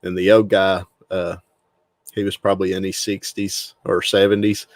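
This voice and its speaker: Middle-aged Tennessee man, low Southern drawl, relaxed storyteller, dry sound. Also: moderate pace, no echo. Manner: easygoing storyteller who laughs a lot. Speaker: guest. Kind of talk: casual interview talk.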